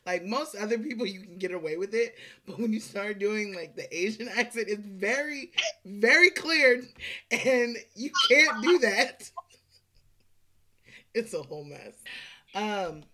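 A woman hosting a podcast over a video call, chatty and excitable, laughing often as she talks. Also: mid-range voice, measured pace. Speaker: podcast host. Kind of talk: casual interview chat.

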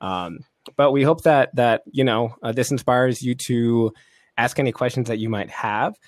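A relaxed man hosting a podcast with friends, chatting casually and laughing often. His speech is loose and full of "uh" and "like." The sound is dry and close on the mic. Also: medium pitch, normal speed, no echo. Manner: laid-back, laughing, lots of fillers. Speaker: podcast host. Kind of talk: casual chat.

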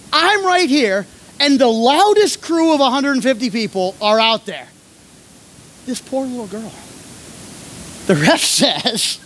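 A man preaching and telling a story, animated, shouting when he acts out scenes. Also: very high-pitched, a little hiss or hum. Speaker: pastor and coach. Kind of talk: sermon with storytelling.

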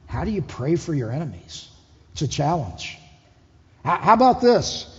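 High-voiced pastor preaching in a hall. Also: male voice, sing-song, normal speed. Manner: conversational, asks the congregation questions. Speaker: lead pastor. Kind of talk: sermon. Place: church hall. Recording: dull echoey hall.

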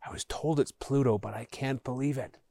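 A man's voice: medium pitch, fairly quick, vocal fry, warm tone, dry recording, studio quality, close to an everyday voice. A man doing a cautious young boy hero. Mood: wary. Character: wary boy hero who woke in an alien jail.

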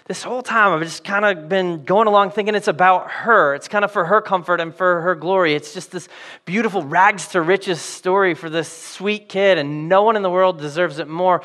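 A man's voice: high voice, sharp tone. A man voicing an anxious older uncle thinking aloud about a looming threat. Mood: wondering. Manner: rushed worried thinking aloud. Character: panicked older male uncle, anxious then hopeful.

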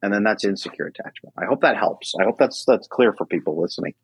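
A man's voice: quick pace, slightly rough, no echo. A man in his thirties, a podcast guest, talking animatedly and acting out the people he quotes. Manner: animated, acts out quoted people with big pitch jumps. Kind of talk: podcast conversation.

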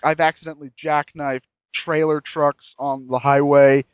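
Excitable man rambling about a game. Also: on the high side, a little slow, smooth, no room sound, lo-fi sound. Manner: enthusiastic, rambling, many restarts. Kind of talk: casual chat reviewing a game.

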